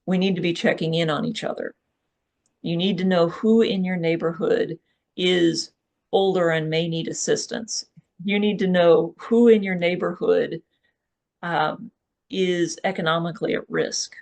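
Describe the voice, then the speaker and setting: A speaker at a live workshop talks in a direct, urging way and keeps checking in with the listeners. The voice sits at a middle pitch and has a gravelly, fry-edged texture. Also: fairly even intonation, measured pace, darkish tone. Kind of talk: live public talk.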